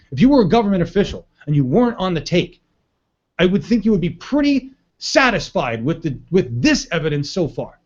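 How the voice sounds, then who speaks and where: An indignant man hosting a live news stream, ranting with rising outrage and the odd curse word. His voice sits a little high for a man. The audio comes through dull and muffled. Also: a little mellow. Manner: angry, indignant and profane, addressing viewers as folks. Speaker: livestream news show host.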